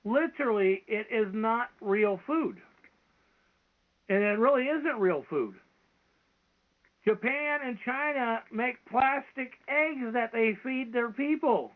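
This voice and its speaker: A man's voice: very high voice, lively intonation, slow pace. A man hosting a live stream, talking in an emphatic, repetitive, preachy rant. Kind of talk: casual ranting monologue. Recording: tinny phone-line sound.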